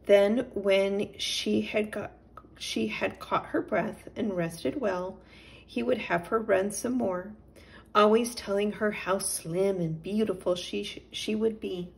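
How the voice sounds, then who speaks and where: Woman storyteller, children's story, very slow, gravelly, gentle. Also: mid-range voice, steady tone. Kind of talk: reading a children's story aloud.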